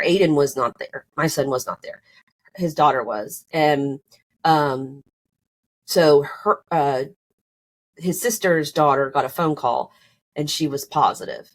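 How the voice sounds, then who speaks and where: Woman in her thirties, deep-pitched, recounting a painful story, casual and halting. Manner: emotional, rambling with many fillers and restarts. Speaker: podcast guest telling her story.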